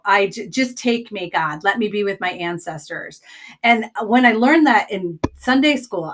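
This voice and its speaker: A woman's voice of ordinary middle pitch, telling a personal story as an interview guest. She is chatty and expressive, with plenty of small asides and fillers. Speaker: podcast guest, trained counselor.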